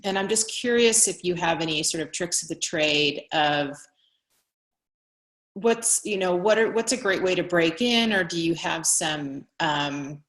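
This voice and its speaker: A woman with a low voice puts a question to the workshop leader over a video call. She searches for her words and fills the gaps with "um". The sound has a roomy echo. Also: a little slow, a bit bright. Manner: hesitant, many fillers. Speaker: workshop participant.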